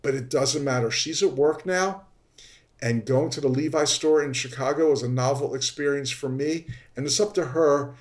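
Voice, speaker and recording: A man hosting a podcast, telling a story in an animated way and jumping high in pitch when he acts out his exasperation. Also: moderate pace. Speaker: podcast host. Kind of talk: storytelling monologue. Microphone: podcast microphone.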